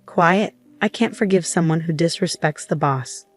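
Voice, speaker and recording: A woman's voice: fairly low pitch, moderate pace, no echo, close to an everyday voice. Woman reading a stern young man. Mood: angry. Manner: firm, scolding. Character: stern loyal young male employee.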